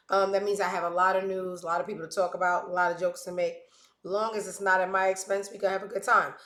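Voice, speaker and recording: A woman's voice: medium pitch, a bit bright. A woman hosting a gossip talk show, brash and sassy, full of joking asides. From West Indies. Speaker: host. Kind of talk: casual gossip commentary. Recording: echoey room.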